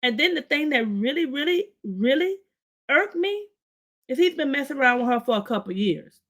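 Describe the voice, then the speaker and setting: A woman's voice: high-pitched, big pitch swings, moderate pace. A woman hosting a recap podcast, giving chatty, opinionated commentary straight to her listeners. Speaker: podcast host recapping a story. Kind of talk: casual commentary.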